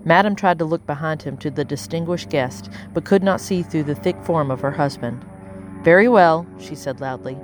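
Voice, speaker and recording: A woman reading a novel aloud as an audiobook narrator, measured and steady, lightly voicing the characters. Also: low-pitched, soft background music. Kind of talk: scripted narration.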